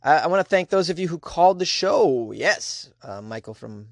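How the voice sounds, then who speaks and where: A man's voice: on the high side, expressive, normal speed, creaky, no room sound, studio quality. Joking man hosting a comedy news podcast. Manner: joking, chuckles between lines. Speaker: podcast host.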